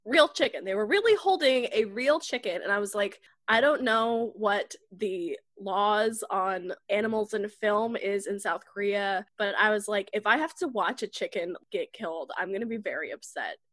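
A woman's voice: medium pitch, moderate pace, few pauses, fairly bright tone, dry recording, studio quality. A woman co-hosting a casual chat, blunt and swearing freely in her reactions. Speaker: podcast co-host.

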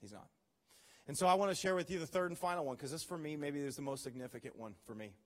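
Male pastor preaching to a church, animated storyteller, slightly high voice, long hall reverb. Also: fast. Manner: animated storytelling, acts out his own reactions. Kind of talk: sermon.

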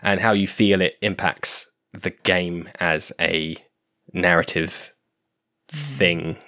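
A man hosting a casual group discussion, asking questions in a halting way and repeating his words. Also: deep voice, sharp tone. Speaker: podcast host.

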